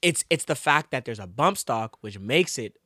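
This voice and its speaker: A man's voice: mid-range voice, lively intonation, normal speed, pushed and bright, husky, dry recording, clean studio sound. A young man in casual podcast chat, rambling with many fillers and acting out the voices he quotes.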